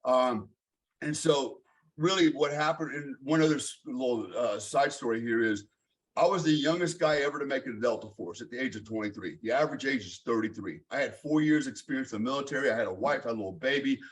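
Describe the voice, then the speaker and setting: A man's voice: medium pitch, fast talker. A middle-aged man from the United States telling his life story as an interview guest, blunt and swearing freely, with many fillers.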